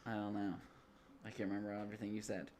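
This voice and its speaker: A man co-hosting a casual podcast chat about a TV episode, relaxed and jokey. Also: on the low side, quick pace, slight background noise. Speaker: podcast co-host.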